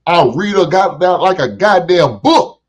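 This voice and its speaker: Reacting to clips on his show, a man rants with profanity and preaches straight at the camera, sometimes switching to a sing-song taunt. His voice is high, expressive, and a bit slow, captured in dull lo-fi audio as casual commentary.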